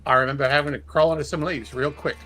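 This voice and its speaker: A man's voice: fairly high pitch, steady tone, fast, sharp tone, pitched above the performer's own voice. A man voicing a courteous vampire stranger who recalls only fragments, in a tabletop game. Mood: recalling.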